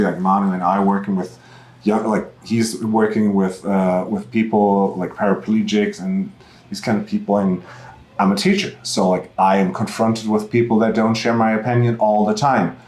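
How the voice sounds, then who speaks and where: German man, roomy echoey sound. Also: fairly low pitch. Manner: candid, animated storytelling with many fillers. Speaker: podcast guest, musician. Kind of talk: casual conversation. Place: in person at a music festival.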